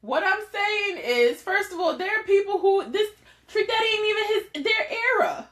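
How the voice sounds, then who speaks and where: A woman's voice: extremely high pitch, lively intonation, moderate pace, fairly bright tone. A woman co-hosting a podcast, chatting casually and animatedly, often laughing as she tells a story. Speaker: podcast co-host.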